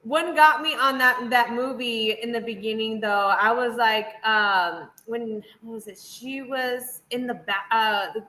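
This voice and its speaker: A woman co-hosting a podcast in casual chat, telling stories in a lively, giggly way. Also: a little high, a little slow, hardly any pauses. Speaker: podcast co-host. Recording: roomy echo.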